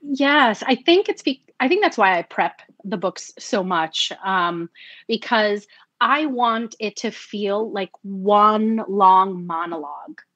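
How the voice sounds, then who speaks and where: A lively woman narrator talks shop in an interview, slipping into little acted-out quotes of herself and laughing often. Her voice sits at a middle pitch and sounds dry and close, with no room around it. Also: takes it slowly, no room sound, muffled recording. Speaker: audiobook narrator. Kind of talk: conversational interview.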